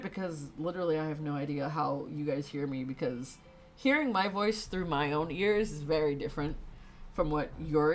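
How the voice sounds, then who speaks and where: A young woman streaming, congested and tired, chatting loosely with viewers and laughing often. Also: deep voice. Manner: rambling, frequent laughs and fillers. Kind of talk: casual chat with stream viewers. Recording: faint music behind.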